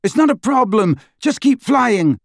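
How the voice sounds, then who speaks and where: Brief: young hero under fire, voiced by a male narrator, sharp high yelled spells, urgent. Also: big pitch swings, measured pace, vocal fry, no echo, clean studio sound, heavily acted. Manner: yells spells in sharp raised bursts. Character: brave teenage boy wizard under attack. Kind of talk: audiobook character voice.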